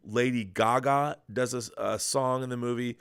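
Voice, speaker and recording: Speaking at normal speed with fairly even intonation, a middle-aged man has a clean, medium-pitched voice. He hosts a podcast, rambling casually and enthusiastically about films with frequent restarts.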